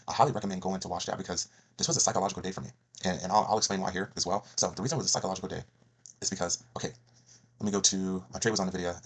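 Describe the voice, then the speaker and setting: A man's voice: low-pitched, fairly bright tone, husky. A man hosting a trading channel, walking through his week's trades on a chart, emphatic and repeating key phrases. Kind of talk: screen-share trade recap.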